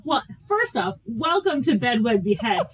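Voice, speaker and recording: A woman co-hosting a podcast in casual chat, excitable and rambling, laughing often. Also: fairly high pitch, a little slow, over a noisy crowd, low-quality recording. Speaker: podcast co-host.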